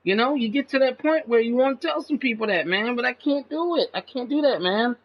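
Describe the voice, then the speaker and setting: A man talking in a casual, rambling monologue to his channel, profane and agitated, saying "man" a lot, with his pitch jumping up when he gets indignant. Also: fairly quick. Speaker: channel host. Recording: dull lo-fi recording.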